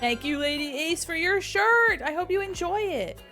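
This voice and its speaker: A woman's voice: very high-pitched, expressive, normal speed, bright, forceful tone, soft background music. A young woman streaming a game, giggly, joking and swearing as she comments. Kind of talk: casual let's-play commentary.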